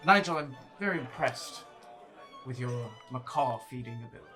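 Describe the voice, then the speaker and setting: A woman playing a blustery, generous male gentleman explorer in a tabletop role-play, with a bossy, jovial manner. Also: rumbling low, lively intonation, moderate pace, music in the background. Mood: hearty.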